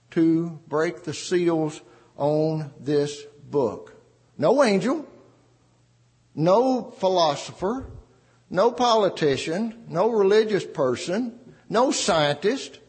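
Husky preacher man, lively slow delivery. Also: on the high side, in a large hall. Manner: emphatic preaching, repeats phrases for stress. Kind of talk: sermon.

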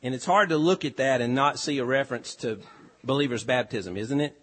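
A pastor delivering a sermon, with an earnest, emphatic delivery that rises and falls. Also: male voice, medium pitch, a little fast, a bit bright. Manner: earnest, emphatic preaching with rising and falling delivery.

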